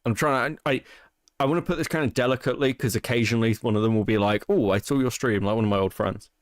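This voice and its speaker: A man's voice: mid-range voice, fairly even intonation, very fast, no echo, clean studio sound. A man co-hosting a casual stream chat, rambling and swearing as he restarts his sentences. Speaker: stream co-host.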